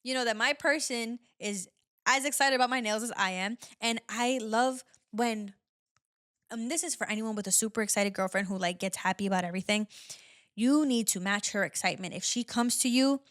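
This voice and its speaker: A woman's voice: a little high, brisk, fairly bright tone, no room sound. Chatty young woman, dry close sound. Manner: chatty, candid advice with frequent "like" fillers. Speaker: podcast host. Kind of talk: casual solo podcast chat.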